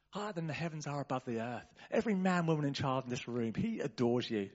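A man preaching a sermon in a church, talking in a conversational, animated way and calling out to the congregation. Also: medium pitch, quick pace, hardly any pauses, highs cut off.

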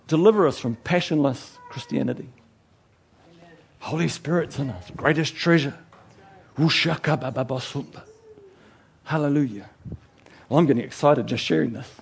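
A preacher with a somewhat high, husky voice delivers a sermon in a chatty, animated way. He swings between loud outbursts and quiet asides and jokes at his own expense as he goes. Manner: chatty, self-mocking and joking.

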